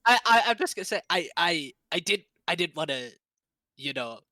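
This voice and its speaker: A man's voice: fairly high pitch, sing-song, normal speed, sharp tone, dry recording, clean studio sound. A man playing a tabletop game, speaking hesitantly with stammering restarts. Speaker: player.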